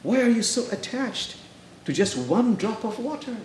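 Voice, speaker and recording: A man's voice: extremely high pitch, very animated, normal speed, a little hiss or hum, voice pushed up. A man voicing a stern, wise male hoopoe bird who acts as a prophet, speaking solemnly and rebuking others in a sermon story. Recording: echoey church room.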